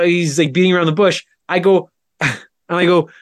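Male podcast co-host, animated anecdote-teller who voices every side, a bit high-pitched. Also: brisk, no echo, studio quality. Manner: animated retelling, acts out both sides with repeated "I go". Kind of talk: casual storytelling chat.

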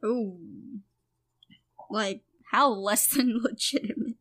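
A woman's voice: a little high, slow pace, a bit bright, no echo. A woman playing in a casual tabletop game, chatty and giggly. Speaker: player.

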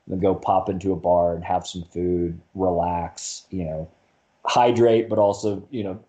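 Mellow low-voiced man, rambling casually. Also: fairly even intonation, moderate pace, dull audio. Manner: rambling, lots of fillers and restarts. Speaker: podcast guest, marathon runner. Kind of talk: casual conversation.

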